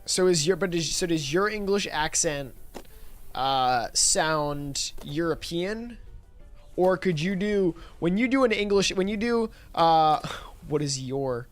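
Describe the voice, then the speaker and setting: A man's voice: on the high side, measured pace. A man livestreaming who chats casually, rambling, swearing and laughing as he talks. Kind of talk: casual stream chat.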